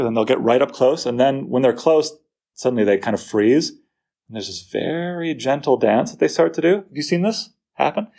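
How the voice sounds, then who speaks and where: A man lecturing on a poem, lively and full of rhetorical questions to his listeners. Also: medium pitch, breathy edge. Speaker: literature teacher.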